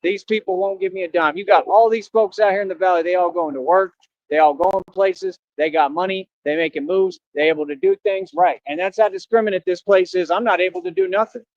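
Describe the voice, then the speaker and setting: A man's voice: high voice, steady tone, fairly quick, a little mellow, no room sound, dull audio. A man from Austin, Texas, ranting confrontationally on a livestream in streetwise slang with lots of repetition.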